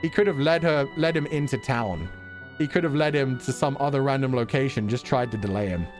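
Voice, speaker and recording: A man's voice: mid-range voice, brisk, soft background music. A man streaming a game, commenting casually with exasperated, profane rants. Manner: exasperated, profane, animated ranting.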